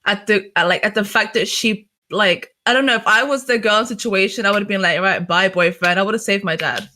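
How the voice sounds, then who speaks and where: A woman's voice: medium pitch, fairly quick, sharp tone. A young woman from England, a streamer talking candidly in a casual interview, chatty, laughing often and swearing freely. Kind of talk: casual chat.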